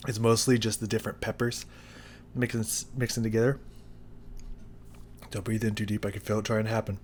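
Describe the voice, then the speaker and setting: A man vlogging a hot sauce tasting to his viewers, talking casually and haltingly as he describes the burn. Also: fairly low pitch, flat delivery, a little hiss or hum. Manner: talks through the burn, halting and drawn out. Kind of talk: casual chat to camera. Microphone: new studio mic.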